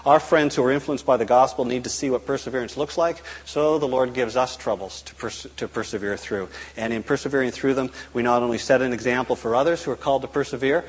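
A man preaching a sermon, animated, acting out bits of conversation as he makes his points. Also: mid-range voice, quick pace, few pauses, husky. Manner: animated, acts out dialogue in quotes. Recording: long hall reverb.

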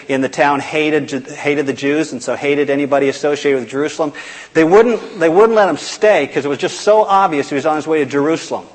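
A man preaching a sermon in a conversational way, with restarts and soft, quiet quotes. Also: a little high. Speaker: pastor. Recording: long hall reverb.

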